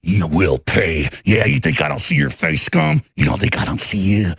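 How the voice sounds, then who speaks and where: An actor voicing a raging, unhinged game character who rants and swings from muttering to shouting. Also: mid-range voice, big pitch swings, takes it slowly, vocal fry, husky, full character voice.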